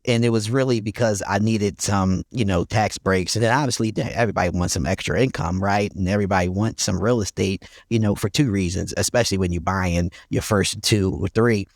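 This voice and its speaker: A man's voice: lowish voice, a little fast, few pauses, no room sound, clean studio sound. Laid-back philly guy telling stories. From North Philadelphia, USA. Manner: laid-back storytelling, laughs often, blunt and profane. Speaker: guest, real estate investor. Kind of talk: casual podcast interview.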